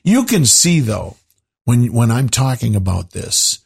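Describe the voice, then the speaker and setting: Husky rambling man talking to listeners. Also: mid-range voice, sing-song, unhurried, darkish tone. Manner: rambling, conversational, many asides. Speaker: show host. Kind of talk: casual monologue to listeners.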